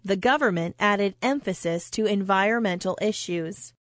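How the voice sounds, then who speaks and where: A woman reading a vocabulary word, its definition and example sentences in an even, deliberate way, like a language-lesson recording. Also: mid-range voice, dry recording, clean studio sound. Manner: slow, deliberate, evenly paced reading. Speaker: vocabulary teacher.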